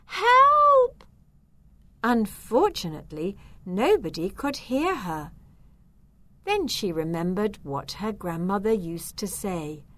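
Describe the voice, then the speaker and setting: Woman storyteller for a kids' book, slow, very lively pitch. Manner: expressive, unhurried. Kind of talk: children's story reading.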